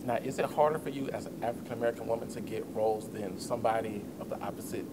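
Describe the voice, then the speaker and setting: A man's voice: lowish voice, quick pace, very noisy. A young man, a student host, interviewing guests in an upbeat way with short affirmations. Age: young adult. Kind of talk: interview hosting.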